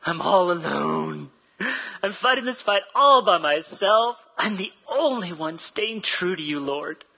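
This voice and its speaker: A preacher acting out a lonely male prophet's sad sob story in a drawn-out complaining voice. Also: lively intonation, creaky, pushed and bright, full character voice. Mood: whining. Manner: sobbing, drawn-out, high complaint. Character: self-pitying lonely male prophet, whining.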